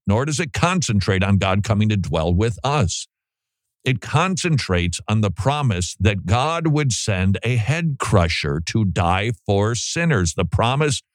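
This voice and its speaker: A man preaching with wide swings in pitch, jumping high to mimic the people he criticizes. The sound is dry and close, with no room around it. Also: no echo. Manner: animated, mocking voices in quotes. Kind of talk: preaching commentary.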